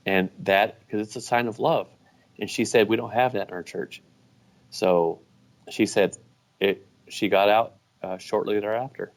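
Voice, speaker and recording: A man, a guest business owner, telling stories in a relaxed, casual way with many restarts. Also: fairly low pitch, unhurried. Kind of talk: casual storytelling.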